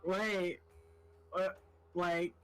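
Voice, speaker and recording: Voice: medium pitch, level tone, drawn-out words, a bit bright, clean tone, no echo, poor audio. A stream guest chatting casually, bubbly and laughing a lot, rambling and cutting themselves off. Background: faint background music.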